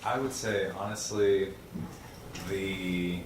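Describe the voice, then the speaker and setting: A man's voice: sits low, steady tone, takes it slowly, heavy reverb, distant mic, slight background noise, rough recording. A man on a studio crew, chiming in offhand and a little hesitant. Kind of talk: casual interview talk.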